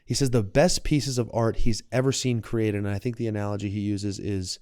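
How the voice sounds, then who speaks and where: Guest casting: young man, wellness coach, reflective and animated; low, smooth, mellow voice, dry close sound. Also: a little fast, no room sound. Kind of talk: casual podcast conversation.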